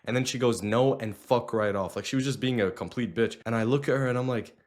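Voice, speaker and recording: A man's voice: medium pitch, fast, a little mellow. A man telling a story to the camera in crude slang, blunt and dismissive.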